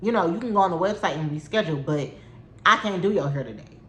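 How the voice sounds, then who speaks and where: A woman mimicking a curt hairstylist, dismissive, flat, a bit lower, echoey room. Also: fast talker, lightly acted.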